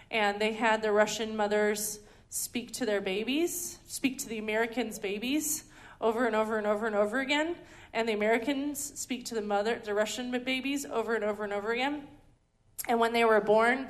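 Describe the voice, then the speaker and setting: A woman giving a conversational teaching talk at a ministry school, chatty and full of ums and restarts. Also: on the high side. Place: indoor teaching hall.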